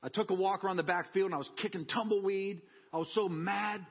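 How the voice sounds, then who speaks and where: Husky high-voiced male preacher. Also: fast, few pauses, long reverb tail, highs cut off. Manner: animated personal storytelling with humor. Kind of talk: sermon.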